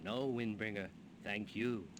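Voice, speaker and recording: A man's voice: on the low side, steady tone, a little slow, a little hiss or hum, lightly acted. An actor playing a young winged guardsman in a video game, earnest and formal.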